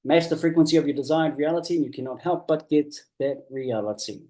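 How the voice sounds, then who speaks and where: Brief: New man, business coach, slightly high mellow voice, earnest and emphatic. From New Zealand. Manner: earnest and emphatic, repeats key phrases, slows down to stress points. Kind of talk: motivational coaching talk.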